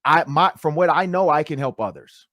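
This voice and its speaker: A man's voice: a little high, animated, moderate pace, fairly bright tone, no echo, studio quality. A male podcast host asking friendly, rambling questions in a casual interview.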